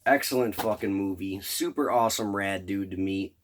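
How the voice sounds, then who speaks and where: A man with a lowish voice tells a long, rambling story straight to camera. He swears constantly and sounds enthusiastic and loose, like he is chatting with regular viewers. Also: moderate pace, a little hiss or hum. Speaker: vlogger. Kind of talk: casual storytelling about a fan convention.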